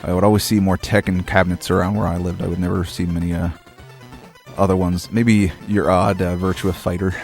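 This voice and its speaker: A man from Maine in his thirties talks over a retro game in loose, rambling, profanity-laced commentary. His voice sits fairly low and his tone is wry and easygoing, with faint game music behind him. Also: flat delivery, fairly quick, gravelly. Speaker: host. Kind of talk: casual let's-play commentary.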